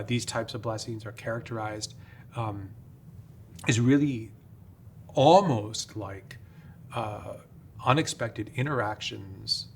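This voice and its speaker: A man's voice: fairly low pitch, a bit bright, slight background noise. A middle-aged man from upstate New York, a priest, explaining carefully in a podcast interview with frequent "uh" fillers. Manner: measured, careful, many "uh" fillers. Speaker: priest, guest.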